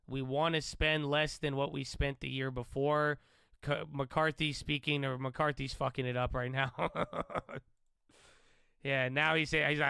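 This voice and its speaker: A man's voice: mid-range voice, level tone, measured pace, vocal fry, smooth, no echo. A man hosting a live trading stream, giving loose, chatty market commentary and calling listeners bro. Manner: says he tends to sound loud and yelling.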